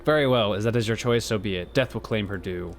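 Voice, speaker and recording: A man's voice: on the low side, quick pace, voice pushed down, natural voice. A man voicing a solemn male cult leader, preaching about death in a grave, archaic way, with faint game music behind. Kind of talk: reading game dialogue aloud.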